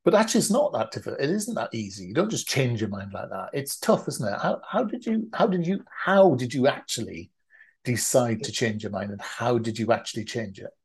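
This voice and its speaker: A man's voice: mid-range voice, sing-song, brisk, a little mellow, husky. A man interviewing a guest in a conversational way, probing with questions he often restarts.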